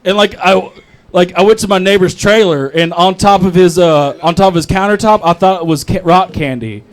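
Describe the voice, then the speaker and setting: Performing at an open mic comedy club, a young stand-up comedian from North Carolina talks in a high voice, fairly quickly. He rambles through a profane, self-mocking set and frequently laughs at his own jokes.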